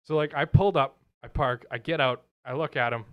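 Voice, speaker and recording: A man's voice: mid-range voice, a little fast, muffled recording. A man on a casual podcast rambling through anecdotes, with lots of fillers like "you know". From Canada.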